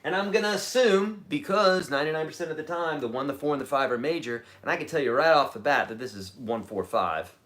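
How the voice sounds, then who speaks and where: A man's voice: a little high, animated, fast, few pauses, a bit bright. A man teaching a live-streamed guitar lesson, chatty and explaining, humming riffs as he goes.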